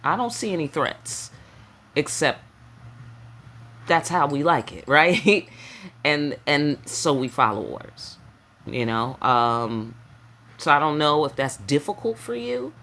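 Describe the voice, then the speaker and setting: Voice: mid-range voice, sing-song, slow pace, long pauses, bright, forceful tone. Emphatic tarot reader, preacherly and slangy. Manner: emphatic and repetitive, checking in with listeners; slang-laced, preacherly delivery. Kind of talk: casual spiritual tarot reading.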